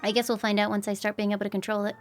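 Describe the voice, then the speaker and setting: A young woman streams a game live from home, her mid-range voice monotone and very fast. She chats loosely, laughs often, and thanks viewers by name while game music plays behind her.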